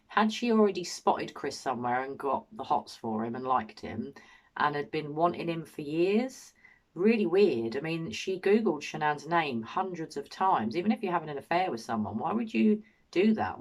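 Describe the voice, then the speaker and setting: An English woman giving opinionated true crime commentary, indignant and full of rhetorical questions. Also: sits low. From England. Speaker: true crime channel host.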